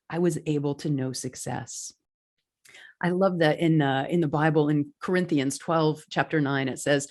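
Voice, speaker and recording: Earnest woman podcast host, low voice. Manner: earnest, animated storytelling with lively pitch swings. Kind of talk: inspirational podcast monologue.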